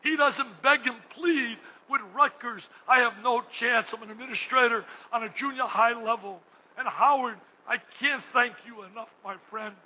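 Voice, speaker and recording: An older man giving an emotional fundraising speech as gala host in a hotel ballroom. He booms out some lines and drops to a hush on others. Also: normal speed. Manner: booming, swings between shouting and hushed tones. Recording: muffled recording with room noise.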